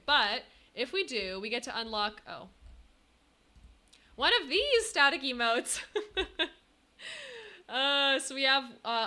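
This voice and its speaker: A woman's voice: medium pitch, bright, forceful tone. A young woman streaming live, chatting casually and thanking her viewers, bubbly and giggly.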